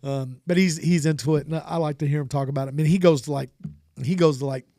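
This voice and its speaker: Gravelly higher-voiced man chatting. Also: steady tone, fast, mellow, dry recording, clean studio sound. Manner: rambling, laughs often, many restarts. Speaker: podcast co-host. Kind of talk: casual chat.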